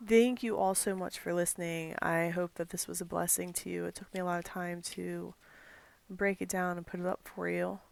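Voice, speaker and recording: A woman's voice: lowish voice, level tone, moderate pace, vocal fry. A woman giving earnest Christian commentary in a vlog, thinking aloud with fillers.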